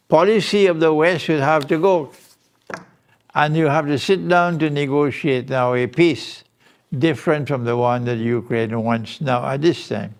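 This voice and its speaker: A man giving a lecture as a Muslim teacher, speaking in a deliberate, emphatic way. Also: on the high side, smooth. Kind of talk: recorded lecture.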